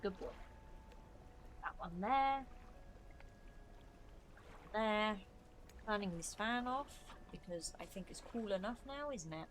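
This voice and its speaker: A chatty woman streams a game from home, her voice sitting at an ordinary middle pitch. She breaks off to coax and coo at her dog, then drifts back to casual chat. A faint hum of room noise stays under her voice. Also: animated, takes it slowly, long pauses, poor audio. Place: home room with a fan running.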